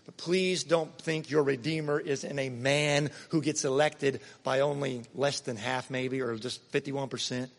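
A man preaching a sermon, pushing key words up in emphatic bursts and then dropping to quiet asides. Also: medium pitch, fairly even intonation, measured pace, creaky, few pauses, big-room sound. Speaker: pastor.

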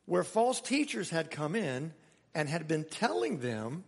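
A man's voice: on the high side, sing-song, unhurried, husky, in a large hall. A man preaching a sermon, telling a story in a chatty way with laughs and asides.

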